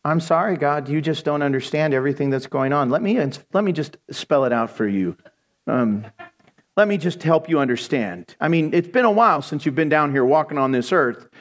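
A man's voice: a little high, animated, pitched below the performer's own voice, natural voice. A man doing a condescending know-it-all. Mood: patronizing. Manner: patronizing, explaining slowly. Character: preachy man lecturing God, condescending.

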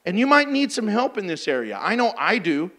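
High-voiced blunt preacher man. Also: very animated, brisk, a bit bright. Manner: blunt, emphatic, exhorting. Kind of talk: sermon.

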